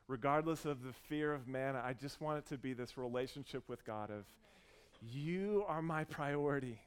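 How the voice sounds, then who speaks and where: A man in his thirties preaching a sermon, earnest and warm as he tells a story, with frequent restarts. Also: medium pitch, clear, resonant tone. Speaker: pastor.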